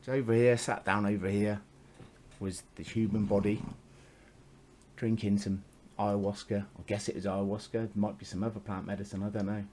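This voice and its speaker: Low-voiced man rambling casually. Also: little pitch movement, normal speed, mellow, a little hiss or hum. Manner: meandering, swears casually, chuckles often. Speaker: spiritual storyteller.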